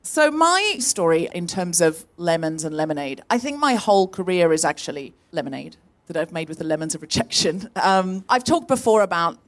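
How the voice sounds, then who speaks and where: A middle-aged woman hosting a live comedy podcast, telling a story to an audience and jumping up in pitch whenever she acts out what others said. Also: moderate pace. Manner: animated, jumps up in pitch to act out quoted voices. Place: tent venue with a live audience.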